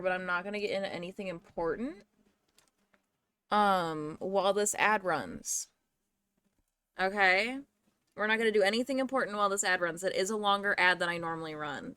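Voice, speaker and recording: A woman's voice: medium pitch, sharp tone, clean tone, no echo, clean studio sound. A young woman hosting a livestream at home, chatting and ranting casually with frequent swearing, a little out of breath. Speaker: livestream host. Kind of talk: casual chat to viewers.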